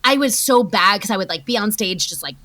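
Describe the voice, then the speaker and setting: A woman in her forties telling stories as an interview guest, chatty and quick, full of "like"s and acted-out quotes. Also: medium pitch, lively intonation, crowd noise. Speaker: guest actress. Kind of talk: casual interview storytelling.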